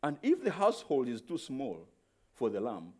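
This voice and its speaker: A man preaching a sermon as pastor, moving from soft, low explaining to loud, stretched-out cries, and often repeating words as he searches for the next one. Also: huge pitch swings. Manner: swings from quiet explaining to shouted, drawn-out exclamations.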